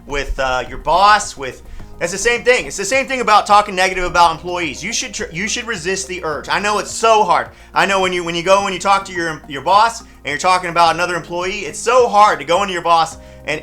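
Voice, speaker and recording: Man, high bright voice, emphatic off-the-cuff advice vlog, faint music underneath. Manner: emphatic, repeats words, frequent restarts. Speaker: sales vlogger.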